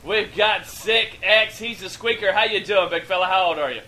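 A man giving excitable, profane, joking play-by-play commentary over an online shooter match. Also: high-pitched, normal speed. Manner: excitable, hyped, laughing, swearing freely. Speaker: gameplay shoutcaster.

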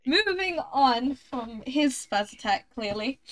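A woman's voice: high voice, expressive, slow pace, fairly bright tone, a little hiss or hum. A woman streaming a game, chatting casually, swearing freely and teasing her friends. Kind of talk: casual chat while gaming.

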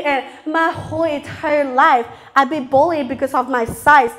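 A woman's voice: sits high, moderate pace, few pauses, fairly bright tone. A woman preaching a sermon in English, her third language, earnest and open, often checking in with the audience. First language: not English (English is her third language). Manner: earnest, confessional, asks the audience "okay?" often.

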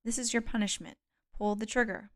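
A grim, violent man in an audiobook thriller, speaking in short, menacing orders, read by a woman. His threats drop low and quiet at the ends, with a hard, clipped delivery. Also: fairly even intonation, brisk, natural voice. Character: grim aggressive man bent on revenge.

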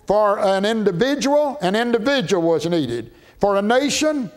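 A man preaching a Baptist sermon as pastor, emphatic and drawn out, rising at times to shouts. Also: sits high, big pitch swings, measured pace, hardly any pauses.

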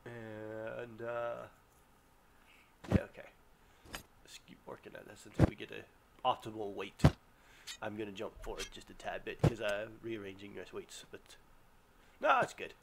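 A man commentating his own gameplay, excitable, yelping and groaning as things go wrong. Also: lowish voice, a little slow, gravelly, long pauses, very noisy. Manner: excitable, yelps and groans at setbacks. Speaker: let's play gamer. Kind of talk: live game commentary.

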